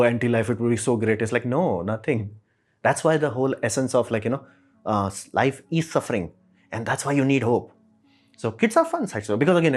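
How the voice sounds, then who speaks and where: A man giving a casual opinion monologue as a commentator, rambling and repeating "it's like" with many fillers. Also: mid-range voice.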